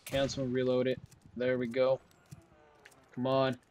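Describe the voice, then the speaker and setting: Young male gamer, excitable running commentary, slightly worn voice, faint background noise. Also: mid-range voice, a little slow. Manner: excitable, jokey, talks to himself. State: voice starting to go hoarse. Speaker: gaming commentator. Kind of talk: gameplay commentary.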